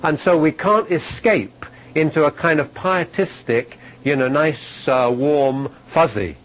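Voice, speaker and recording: A man's voice: a little high, unhurried, poor audio. A man giving a sermon-style Bible teaching to a live audience. He talks conversationally, asks his listeners questions, ends points with "okay?" and repeats key phrases for emphasis.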